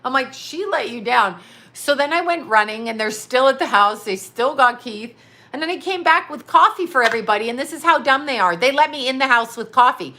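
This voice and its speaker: Woman in her middle years, bright and forceful tone, slightly high voice, rambling casual chat, laughing and swearing as she goes. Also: expressive, fairly quick. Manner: rambling, chatty storytelling with frequent laughs and swearing. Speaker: psychic medium and astrologer. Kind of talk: casual livestream chat reading comments.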